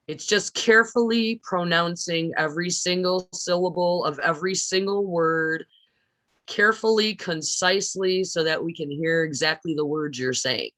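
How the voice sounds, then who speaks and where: A woman teaching public speaking in a recorded lecture, stressing words deliberately and often asking her listeners questions. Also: lowish voice, fairly bright tone, no echo. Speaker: speech teacher.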